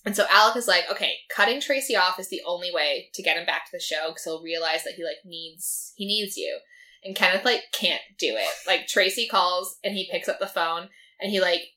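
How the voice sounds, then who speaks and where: Bright-voiced chatty young woman recapping. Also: lowish voice, expressive, a little fast. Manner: chatty, filler-heavy, quotes characters in her own voice. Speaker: podcast co-host. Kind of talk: casual chat recapping a TV episode.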